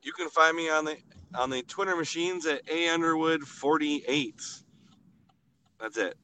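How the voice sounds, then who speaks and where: A man on a casual podcast, giving brief, low-key answers. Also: measured pace, pushed and bright, a little hiss or hum. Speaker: podcast guest co-host.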